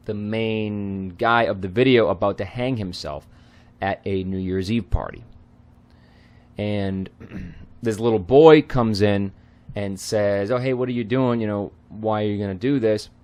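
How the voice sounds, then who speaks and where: A man explaining song lyrics line by line as a tutor. He is hesitant, often pausing on ums and clearing his throat. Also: on the low side, a little mellow.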